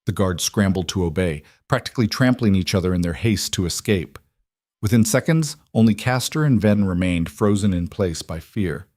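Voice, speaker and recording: A man narrating a fantasy romance audiobook in a steady storytelling way. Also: deep voice, no echo, studio quality.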